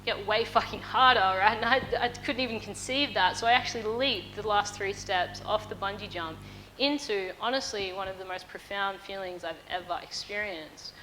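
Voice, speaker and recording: A young Australian woman speaks from a festival stage with a bright, forceful tone. Her pitch sits in an ordinary middle range. She tells a personal story in a frank, lively way and swears casually. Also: normal speed, a little hiss or hum, poor audio. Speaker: motivational speaker. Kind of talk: keynote storytelling talk.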